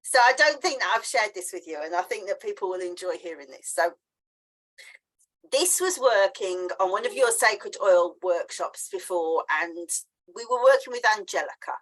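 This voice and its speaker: Woman host, chatty storyteller, very animated pitch. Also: moderate pace, low-quality recording. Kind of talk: casual conversational interview.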